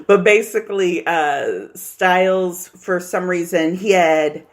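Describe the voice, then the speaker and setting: A woman co-hosting a podcast in casual chat, animated and laughing often as she acts out quotes. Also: fairly low pitch, slow. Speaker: podcast co-host.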